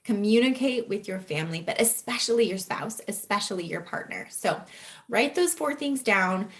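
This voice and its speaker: A woman's voice: mid-range voice, lively intonation, moderate pace. Candid woman podcast host. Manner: candid, earnest, addresses listeners directly. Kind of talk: casual advice talk.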